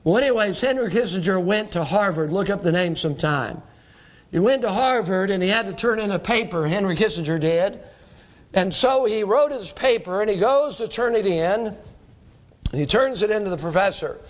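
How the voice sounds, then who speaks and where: A man's voice: high voice, expressive, normal speed. A man preaching a sermon to students in a hall, emphatic, repeating phrases and asking the crowd questions. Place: church or school hall before a live audience.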